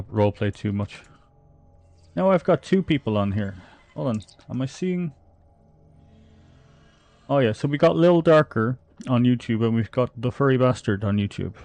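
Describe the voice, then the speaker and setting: A man's voice: medium pitch, a little mellow, no room sound. A man with an Irish accent from the Republic of Ireland, streaming a game and chatting casually with viewers, reading their comments aloud and laughing often. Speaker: livestreamer. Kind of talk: casual chat while gaming.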